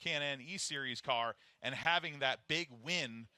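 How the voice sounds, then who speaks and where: A man's voice: medium pitch, measured pace, bright, forceful tone, dry recording. A man doing color commentary at a race, chatting and reminiscing in a conversational way.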